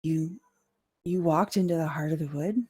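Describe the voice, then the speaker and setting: A woman voicing a wary, superstitious male woodcutter who mutters gravely from behind his cabin door in a tabletop game. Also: deep voice, moderate pace, mellow.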